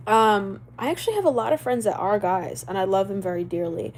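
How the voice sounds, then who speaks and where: A young woman chatting loosely on a live stream in a rambling, animated way, with reactions to viewers' comments. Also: mid-range voice, moderate pace, a little hiss or hum, rough recording. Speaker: livestreamer. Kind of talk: casual live-stream chat.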